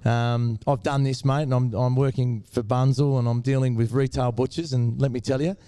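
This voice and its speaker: Middle-aged Australian man, easygoing storyteller, mellow and resonant, close and dry. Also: mid-range voice, steady tone, normal speed, clear, resonant tone, no echo. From Tasmania, Australia. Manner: laid-back, says mate a lot. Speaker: guest, former cricketer. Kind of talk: casual interview storytelling.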